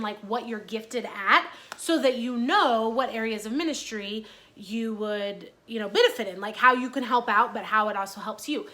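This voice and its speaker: A woman's voice: a little high, bright, forceful tone. A woman in her thirties talking in a casual personal vlog, chatty and earnest with many fillers. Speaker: vlogger.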